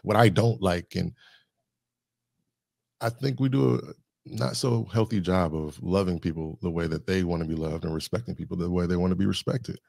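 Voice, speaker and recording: A man's voice: low voice, normal speed, creaky, darkish tone, no room sound, studio quality. A man talking as a guest on a podcast, reflective and thoughtful, working through ideas with lists and examples. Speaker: guest, communication specialist.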